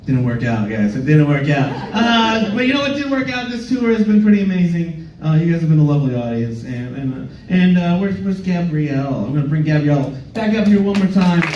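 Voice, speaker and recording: A man's voice: fairly high pitch, lively intonation, brisk, hardly any pauses, dull audio, crowd noise. A young man doing a playful, self-mocking stand-up comedy set on a club stage, slipping into goofy voices. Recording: roomy club sound from a distance.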